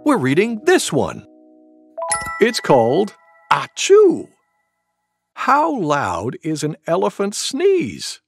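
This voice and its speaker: A man reading a children's storybook aloud in an expressive, animated way. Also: high voice, slow pace, gravelly, long pauses, soft background music. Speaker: narrator.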